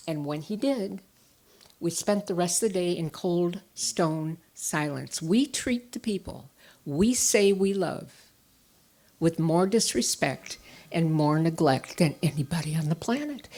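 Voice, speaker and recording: On a conference stage, a woman therapist with a fairly low voice gives a talk built around personal stories. Her delivery is animated, swinging between quiet asides and emphatic bursts.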